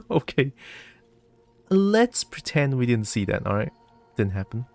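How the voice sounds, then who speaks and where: A man chatting aloud while he plays a video game, laughing often and reacting to what happens. His pitch swings up and down a lot. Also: very animated, unhurried, creaky, darkish tone, no room sound. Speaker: gaming streamer. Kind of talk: casual game commentary.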